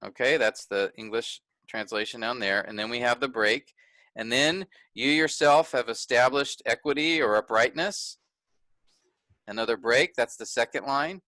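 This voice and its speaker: A man's voice: medium pitch, moderate pace, pushed and bright, no room sound. A man teaching a workshop, explaining marks on a shared screen step by step and correcting himself as he goes. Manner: pointing things out step by step, self-correcting.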